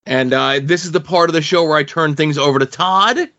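A man hosting a podcast in casual chat, steady and relaxed as he hands things over. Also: on the high side, brisk, muffled recording. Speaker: podcast host.

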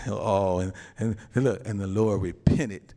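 A male pastor preaching a sermon, animated, often calling out to the congregation and breaking into shouts and laughs. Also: fairly low pitch, takes it slowly. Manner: calls out to the congregation.

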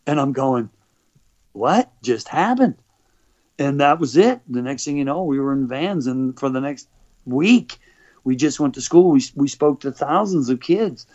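A man's voice: mid-range voice, normal speed. Middle-aged canadian guy rambling thru stories, restarts a lot, kinda muffled recording. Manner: rambling, animated anecdotes with frequent restarts and laughs. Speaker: guest, motivational speaker and former athlete. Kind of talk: conversational storytelling. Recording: dull lo-fi recording.

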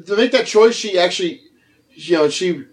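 A man's voice: sits high, normal speed, a little hiss or hum. A man in casual film chat who jokes a lot and hesitates, with many fillers. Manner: joking, hesitant, filler-heavy.

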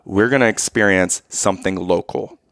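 A man in his thirties, co-hosting a casual chat and retelling a family vacation story with animated, exaggerated quotes. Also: low voice, normal speed, dry recording, studio quality. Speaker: podcast co-host telling a family story.

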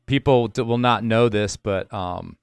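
A man hosting a podcast, asking questions in relaxed conversation. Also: lowish voice, unhurried, vocal fry, clear, resonant tone. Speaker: podcast host. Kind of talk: casual interview.

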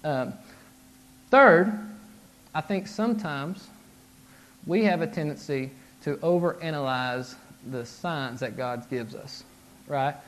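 A man in his thirties delivers a casual sermon in a fairly high voice. He talks loosely and conversationally, with restarts, filler words and frequent "right?" checks with his listeners. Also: slow, long pauses, a bit bright, slight background noise. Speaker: pastor.

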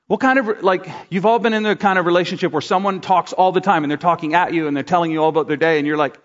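A man's voice: high-pitched, steady tone, fast talker, hardly any pauses. A middle-aged man, a pastor, delivering a conversational sermon with acted-out asides. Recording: dull sound in a large reverberant room.

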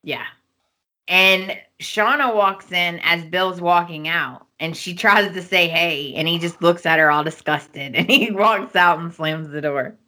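A woman's voice: fairly low pitch, unhurried. A woman hosting a podcast, recapping a soap opera in casual chat and acting out the characters' lines as she goes. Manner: animated storytelling, acting out quotes.

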